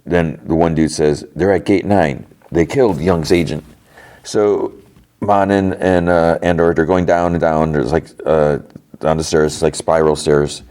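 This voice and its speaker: A man with a very deep, dark voice talks through a TV episode as a casual podcast recap. He retells each scene in a chatty way and keeps slipping into quick quoted lines from the characters. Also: fairly even intonation.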